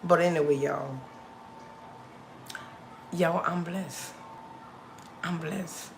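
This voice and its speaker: Woman, middle-aged, livestream host, casual chat to viewers, low gravelly voice, unhurried. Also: steady tone, a little hiss or hum. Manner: chatty, addresses viewers as y'all, repeats for emphasis.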